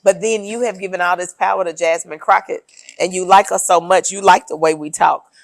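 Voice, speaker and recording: A woman's voice: on the low side, fairly even intonation, fairly quick, vocal fry, no echo. A woman co-hosting a casual political chat, emphatic and sardonic as she lays out her points one by one. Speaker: podcast co-host.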